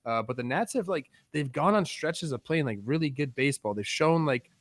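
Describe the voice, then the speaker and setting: A man's voice: fairly high pitch, lively intonation, fairly quick, fairly bright tone, no room sound. A man co-hosting a baseball talk show, laid-back and chatty, often saying "like" and hedging. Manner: laid-back, uses "like" a lot. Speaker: sports talk show co-host. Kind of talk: casual sports talk.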